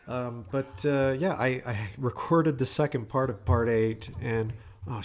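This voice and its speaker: A man's voice: mid-range voice, unhurried, hardly any pauses, darkish tone. A man talking casually into a home microphone for his audio vlog, rambling with lots of fillers, restarts and swearing. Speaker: vlogger. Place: home room. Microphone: new microphone at home.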